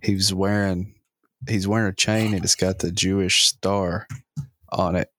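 A man's voice: low voice, little pitch movement, measured pace, fairly bright tone, dry recording. A man co-hosting a casual sports podcast, laid-back. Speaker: podcast co-host.

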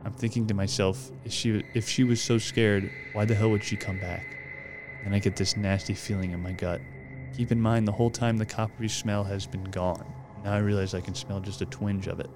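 A man's voice: fairly low pitch, little pitch movement, brisk, over music. A man hosting a podcast, reading a horror story aloud in a casual way and swearing freely as he goes. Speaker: podcast host.

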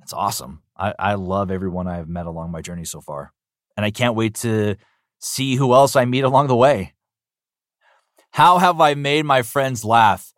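A male voice actor answering interview questions in an upbeat, animated way, often saying "you know". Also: on the low side, normal speed, no room sound, clean studio sound. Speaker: voice actor guest.

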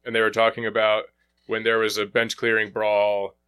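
Bright-voiced rambling male podcast host. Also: lowish voice, monotone, normal speed, smooth. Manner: rambling, profane, lots of fillers and restarts. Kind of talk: casual sports chat.

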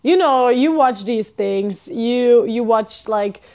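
A young woman from Hungary, a podcast guest telling stories in casual chat, animated and full of fillers. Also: a little high, slow pace. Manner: animated storyteller, many fillers and laughs.

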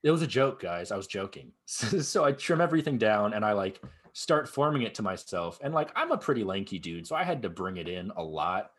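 Husky young man telling stories with gusto. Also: fairly low pitch, fairly quick, hardly any pauses. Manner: animated storyteller acting out his own past reactions. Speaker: guest cosplayer. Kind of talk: casual chat.

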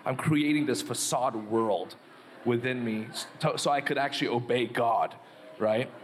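A man's voice: medium pitch, normal speed, a little hiss or hum. A male minister on a live podcast, telling a story with quoted inner dialogue, then leading a prayer. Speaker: guest minister. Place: live podcast before an audience.

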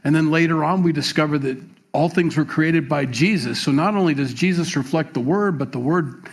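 Relaxed, halting male pastor. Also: a little high. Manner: relaxed, many fillers and repeated words. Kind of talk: sermon.

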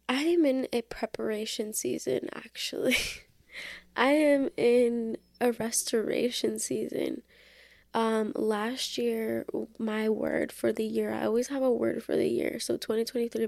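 A woman's voice: on the high side, little pitch movement, takes it slowly, creaky, a little mellow, dry recording. A young woman hosting a casual Christian podcast, talking earnestly with lots of fillers. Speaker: podcast host. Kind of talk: casual faith talk.

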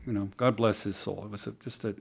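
Man telling a story, lowish voice. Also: fast, gravelly, breathy edge. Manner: animated storyteller with many restarts and fillers. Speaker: interview guest, writer. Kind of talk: casual storytelling.

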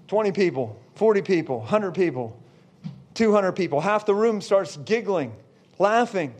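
A man preaching, telling a story with lots of check-ins to his listeners and building to shouts. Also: high-pitched. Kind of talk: storytelling sermon.

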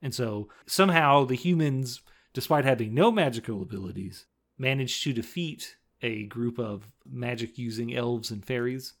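A man co-hosting a podcast, casually recapping a film and acting out quoted lines in quick put-on voices. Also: medium pitch. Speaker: podcast co-host.

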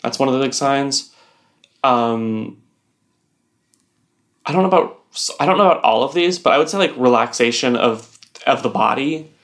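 A woman's voice: rumbling low, expressive, moderate pace, long pauses. Rambling young woman co-hosting a podcast. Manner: rambling explainer, heavy use of "like" and "um". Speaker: podcast co-host. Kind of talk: casual podcast chat.

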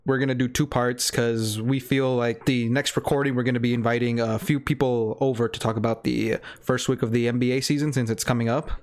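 A man's voice: mid-range voice, steady tone, brisk, hardly any pauses. A young man co-hosting a casual podcast, teasing his friend and explaining the show's plans plainly. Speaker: podcast co-host.

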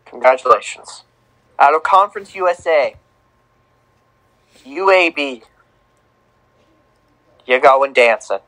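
A man's voice: medium pitch, expressive, takes it slowly, long pauses, bright, forceful tone, rough recording. A man co-hosting a casual sports podcast, announcing tournament teams in a playful, sing-song way. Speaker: podcast co-host.

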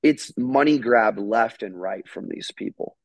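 Young man from florida, husky voice, dry close sound, slangy and swears a lot. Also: medium pitch, unhurried, dry recording. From Florida, USA. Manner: slangy, swears, calls people bro and dude. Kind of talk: casual podcast chat.

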